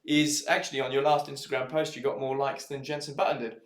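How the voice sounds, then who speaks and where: A man, a racing driver, commentating a race live in a chatty, joking, excitable way. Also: mid-range voice, fast talker. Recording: roomy streaming setup.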